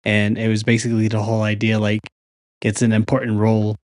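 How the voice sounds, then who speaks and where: A man's voice: lowish voice, monotone, fast, darkish tone, no echo. A man hosting a podcast, responding to his guest in a reflective, thoughtful way. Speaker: podcast host. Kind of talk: casual conversation.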